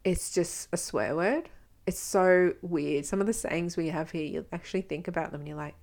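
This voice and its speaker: An Australian woman hosts a solo podcast in a loose, chatty way, frank and unfiltered. Her voice sits fairly low, with a gravelly fry running through it. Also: normal speed, a little mellow. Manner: chatty, frank, swears freely. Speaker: podcast host. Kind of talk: casual solo podcast talk.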